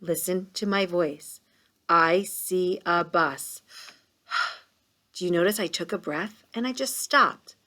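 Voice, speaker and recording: A woman's voice: on the low side, expressive, a little slow, pushed and bright. A woman teaching kindergartners a reading lesson, patient and encouraging, sounding out words. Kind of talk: read-along reading lesson.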